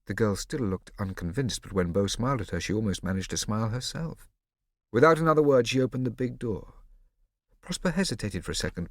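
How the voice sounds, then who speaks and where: A man narrating an audiobook in a measured, expressive storytelling manner. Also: fairly low pitch, dry recording, studio quality. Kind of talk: scripted narration.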